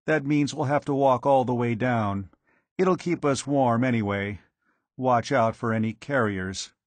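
Male reader as weary wry scientist, slow, dry. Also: mid-range voice, no room sound, natural voice.

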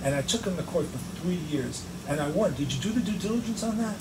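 Fast-talking profane New man, echoey room. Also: high voice, expressive. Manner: profane, fast-talking, acts out both sides of phone calls. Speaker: guest musician. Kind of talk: animated storytelling in an interview. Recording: roomy echo, distant mic, clear background noise.

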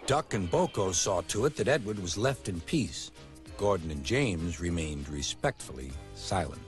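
A man narrating a children's storybook in an expressive way, with music behind. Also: sits low, moderate pace. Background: background music.

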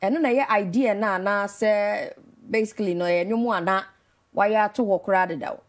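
A woman's voice: mid-range voice, normal speed. A Ghanaian woman with a Ghanaian accent hosting a casual morning show interview, mixing Twi and English with many hesitant fillers. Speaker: radio show host.

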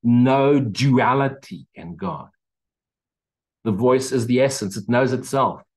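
A man's voice: mid-range voice, slow pace, darkish tone, rough recording. A man giving a spiritual talk as teacher, emphatic and repetitive, with mocking asides.

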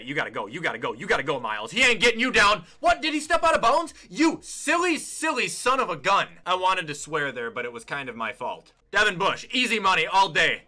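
Young man, gaming commentary, bright forceful voice, high and lively pitch, swears a lot. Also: quick pace, few pauses. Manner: excitable, swings from muttering to yelling. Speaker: gaming YouTuber. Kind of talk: profane live gameplay commentary.

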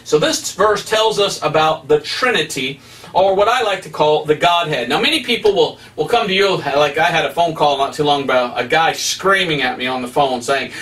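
Male evangelist, fairly high voice, emphatic preacherly delivery, mic a little far off. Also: animated, moderate pace, a bit bright. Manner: emphatic, preacherly, with rising stresses. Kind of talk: preaching Bible study.

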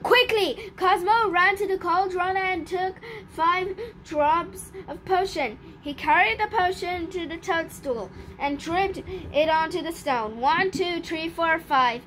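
Woman reading a kids' storybook, very high voice, slow unhurried pace, expressive. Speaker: storybook reader. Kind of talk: reading a children's picture book aloud.

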